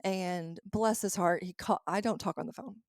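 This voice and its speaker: A woman in her thirties hosting a podcast as a coach, telling a personal story in a lively, laughing way and acting out her own past lines. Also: lowish voice, moderate pace, no echo, studio quality. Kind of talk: casual storytelling monologue.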